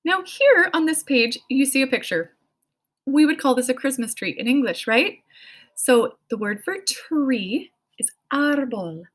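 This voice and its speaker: A woman's voice: high-pitched, expressive, measured pace. A woman in her thirties teaching a children's language lesson, cheerfully prompting listeners to repeat after her. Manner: encouraging, sing-song prompts to repeat. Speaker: Spanish teacher.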